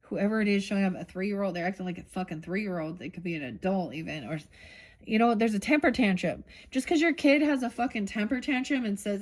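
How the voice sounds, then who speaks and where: A woman's voice: medium pitch, expressive, a little fast, darkish tone. Woman, middle-aged, loose chatty tarot reader, rambles and curses casually. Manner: rambling, swears casually, thinks aloud.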